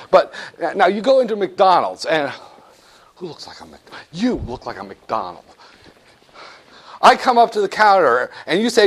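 A man teaching a business law class, lecturing in a joking way and acting out little scenes with students. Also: fairly high pitch.

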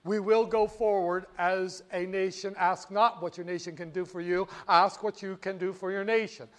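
A man's voice: high voice, fairly even intonation, normal speed, close to an everyday voice. Older man doing a brash declaiming president. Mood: rousing. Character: impression of a confident male 1960s president.

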